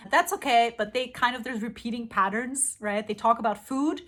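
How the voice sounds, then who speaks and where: A woman's voice: fairly high pitch, normal speed, fairly bright tone. A young woman with an accent that mixes British and Canadian English, chatting casually as a language-learning vlogger and drifting off on tangents. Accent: mix of British and Canadian English. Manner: rambling, tangent-prone, chatty. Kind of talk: casual chat.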